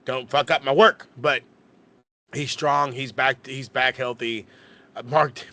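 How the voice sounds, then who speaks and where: A bright-voiced man ranting about wrestling. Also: mid-range voice, fairly even intonation, slow pace. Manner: ranting, profane, lots of restarts. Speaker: podcast co-host. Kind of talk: casual wrestling chat.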